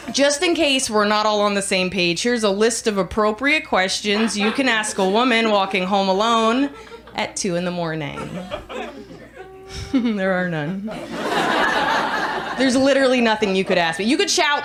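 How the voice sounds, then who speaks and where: Stand-up comic, woman in her thirties, mid-pitched, dry and dark, chuckles at her own jokes on a club stage. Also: lively intonation, normal speed, a crowd in the background. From United States. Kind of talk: stand-up set.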